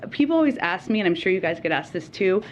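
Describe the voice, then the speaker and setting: A woman's voice: lowish voice, very animated, dull audio, slight background noise. Emotional woman at a press briefing. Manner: emotional, halting, with many fillers. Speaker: press secretary. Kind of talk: formal farewell speech at a briefing.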